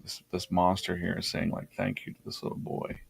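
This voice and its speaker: A man's voice: sits low, monotone, brisk, creaky. A man hosting a drawing livestream, chatting casually and laughing as he rambles through his past sketches.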